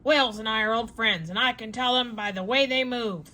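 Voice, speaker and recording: A woman reading a storybook aloud and voicing an eager, brash male harpooner with loud, emphatic lines. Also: on the high side, a little fast.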